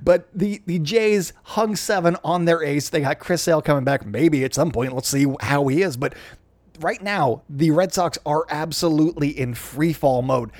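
A man's voice: a little high, a little mellow, no echo. A young man hosting a sports podcast, chatting casually and sarcastically with lots of fillers. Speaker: podcast host.

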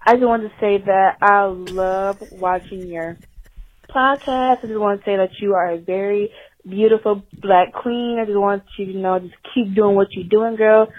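A woman's voice: medium pitch, steady tone, normal speed. A woman calling in to a podcast, giving affectionate, rambling praise. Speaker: caller. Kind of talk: phone call to a podcast. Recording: tinny phone line.

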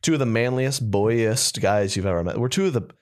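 A man's voice: medium pitch, brisk, a little mellow. A man co-hosting a casual comedy podcast, rambling and playful, at times improvising slam poetry. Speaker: podcast co-host.

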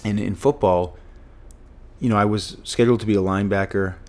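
A man's voice: lowish voice, fairly even intonation, a little fast. A middle-aged man earnestly telling a personal story as an interview guest.

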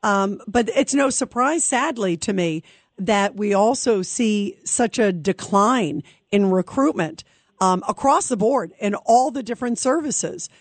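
A woman's voice: medium pitch, no room sound. A woman hosting a political call-in radio show, talking emphatically with a conversational flow and frequent fillers. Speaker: radio talk show host.

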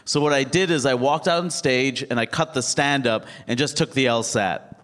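A man's voice: medium pitch, normal speed, fairly bright tone. A man performing a stand-up comedy set on stage, telling stories animatedly and mimicking other people. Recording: live hall with reverb, faint noise.

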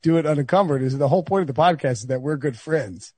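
Guy hosting a sports podcast, joking around with buddies, kinda husky, dry close mic. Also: fairly high pitch, fast, a little mellow, no echo. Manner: joking, laughs often. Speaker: podcast host. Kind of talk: casual sports banter.

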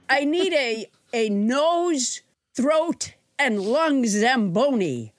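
A woman's voice: high-pitched, sing-song, very slow, no echo, clean studio sound. A woman comedian hosting a podcast from home, stuffy with allergies, rambling and interrupting herself as she tells stories. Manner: rambling, self-interrupting storytelling.

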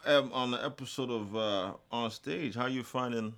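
A man's voice: mid-range voice, normal speed, fairly bright tone. A man hosting his own chat show, playful and exclamatory as he welcomes guests and banters. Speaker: host. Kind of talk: casual chat.

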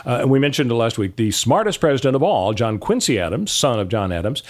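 A man's voice: mid-range voice, big pitch swings, brisk. A man co-hosting a talk podcast, with wry, playful delivery and mock-dramatic asides. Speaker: podcast co-host. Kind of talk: casual banter.

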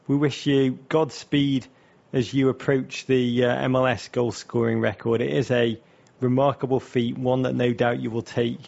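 A man co-hosting a podcast, chatting with wry, quick-witted banter. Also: mid-range voice, flat delivery, gravelly, darkish tone, highs cut off. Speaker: podcast co-host. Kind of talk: casual chat.

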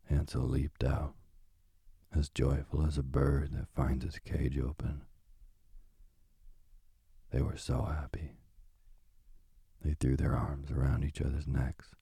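A man reading a fairy tale aloud as a calm bedtime sleep story, slow and soothing. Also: a bass voice, gravelly, husky, dry recording, clean studio sound.

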